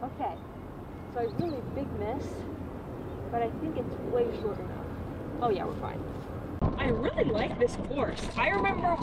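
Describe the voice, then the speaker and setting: A woman's voice: fairly high pitch, heavy background noise. Chatty young woman golfing outdoors. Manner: chatty, talks to herself over shots. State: out of breath from running between shots. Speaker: golf vlogger. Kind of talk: casual self-narrated golf vlog. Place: outdoor golf course at dusk.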